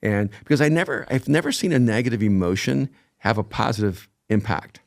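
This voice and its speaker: Thoughtful older man, measured podcast guest. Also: medium pitch, expressive, vocal fry. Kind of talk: reflective conversation.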